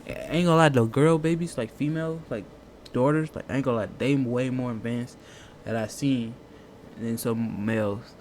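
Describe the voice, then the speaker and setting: A man's voice: medium pitch, normal speed, darkish tone, slight background noise. A man hosting a reaction video, talking loosely in casual slang with lots of restarts. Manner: loose, slangy, rambling talk with many restarts.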